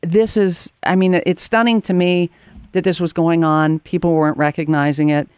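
Smooth-voiced earnest woman host. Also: lowish voice, fairly even intonation, normal speed, darkish tone, no room sound, studio quality. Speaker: radio show host. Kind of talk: hosting an interview show.

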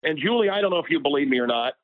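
A man's voice: a little high, lively intonation, rapid-fire, no echo. A man, a radio personality, talking as a guest in an interview, impassioned and getting worked up as he speaks. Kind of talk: heated interview conversation. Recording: tinny phone line.

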